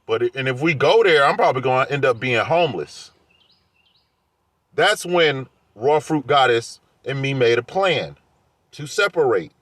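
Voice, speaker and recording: A man's voice: medium pitch, lively intonation, normal speed, fairly bright tone, no echo. A man vlogging in a heated, defensive rant, airing grievances to his viewers. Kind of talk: casual rant to camera.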